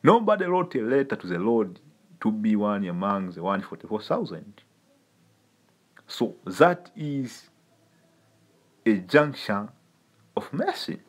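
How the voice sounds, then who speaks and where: A man gives a loose, streetwise sermon, his husky voice rising and falling with lively swings in pitch. He hammers points home by repeating them and keeps turning to the listener with a casual "man". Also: takes it slowly, long pauses. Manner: emphatic, repetitive, streetwise, addresses listeners as man. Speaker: preacher. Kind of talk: informal sermon teaching.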